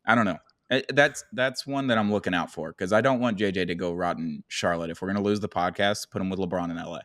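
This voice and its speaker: A man's voice: low-pitched, fast, fairly bright tone, no room sound, clean studio sound. A man co-hosting a casual sports podcast, rambling and thinking aloud with restarts and the odd swear word. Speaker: podcast co-host.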